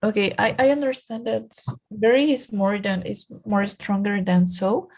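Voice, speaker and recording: A woman's voice: mid-range voice, fairly even intonation, normal speed, a little mellow, breathy edge. A woman learning English in an online lesson, speaking hesitantly and searching for words. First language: not English.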